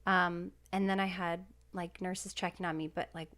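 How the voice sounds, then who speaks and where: Heartfelt woman, lowish voice. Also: level tone, normal speed, fairly bright tone. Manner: heartfelt, emotional, many fillers like "like" and "um". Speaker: podcast guest. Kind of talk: personal storytelling in conversation.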